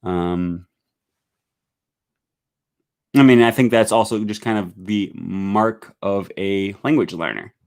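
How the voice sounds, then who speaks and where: A man's voice: lowish voice, slow pace, creaky, long pauses. Chatty man hosting a livestream. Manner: relaxed, chatty, many fillers, reads comments aloud in several languages. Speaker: livestream host. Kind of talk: casual livestream chat reading viewer comments.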